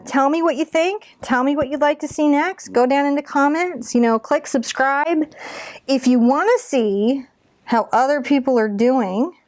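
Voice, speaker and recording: A woman with a slightly high voice leads a beginner painting lesson, chatting warmly and encouraging her viewers as she works. She talks through every stroke in a casual, friendly way. The sound is close and dry, with no room echo. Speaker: painting teacher. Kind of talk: step-by-step painting tutorial.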